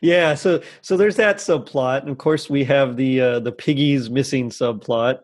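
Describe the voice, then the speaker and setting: A man's voice: medium pitch, moderate pace. A man co-hosting a casual podcast chat, rambling with lots of fillers and frequent laughter. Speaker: podcast co-host. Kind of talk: casual chat about a holiday special. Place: lives in the U.S. South.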